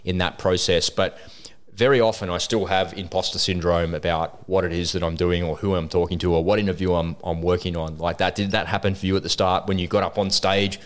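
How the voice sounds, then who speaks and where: A very low-voiced man hosts a podcast interview. He talks casually and reflectively, drifting from thought to thought. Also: steady tone, brisk. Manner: reflective, rambling. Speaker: podcast host.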